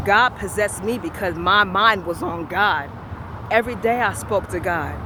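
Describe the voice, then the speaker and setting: A man giving a slow, earnest spiritual affirmation monologue, repeating his phrases as a motivational vlogger. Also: high voice, noisy background.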